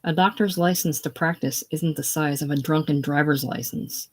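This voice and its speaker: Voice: mid-range voice, moderate pace, close to an everyday voice. A reader voicing a weary, defensive man who is a small-town doctor, speaking stiffly in a casual play reading.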